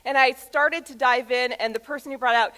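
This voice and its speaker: A woman in her thirties, a motivational speaker telling personal stories to a live audience with emphatic pauses. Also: high-pitched, background noise. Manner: expressive, animated storyteller with emphatic pauses. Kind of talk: storytelling talk to an audience.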